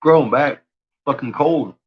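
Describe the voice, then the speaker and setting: Male streamer, husky voice, rambling and profane, muffled lo-fi mic. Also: medium pitch, a little slow. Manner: rambling, profane, laughs often. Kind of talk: casual chat with viewers.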